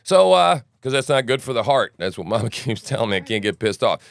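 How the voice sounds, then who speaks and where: A man's voice: mid-range voice, sing-song, brisk, creaky. A male podcast host with a morning voice, rambling through casual livestream news commentary and tossing in "right?" asides and jokes.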